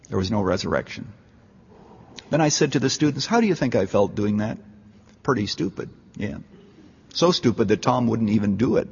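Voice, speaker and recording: A man's voice: mid-range voice, big pitch swings, brisk, husky. A man preaching a sermon, telling a story and rising to fervent appeals. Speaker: pastor. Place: large church. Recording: dull, echoey church hall.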